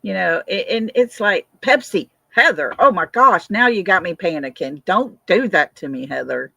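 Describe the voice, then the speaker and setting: A woman's voice: on the low side, lively intonation, normal speed, gravelly, sharp tone, no echo. An older woman hosting a casual livestream, chatting, answering viewer comments and laughing often. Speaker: livestream host.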